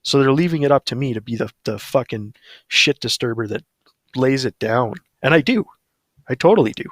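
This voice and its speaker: Man, profane blunt storyteller, mid-pitched, dry close sound. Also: expressive, brisk, fairly bright tone, no echo. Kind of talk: casual storytelling on a livestream.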